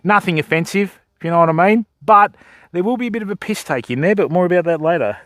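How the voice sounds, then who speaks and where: A man's voice: sits high, fast talker, fairly bright tone, no echo. A Western Australian man hosting a fishing livestream outdoors, bantering and joking with his chat. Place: outdoors by a river shore.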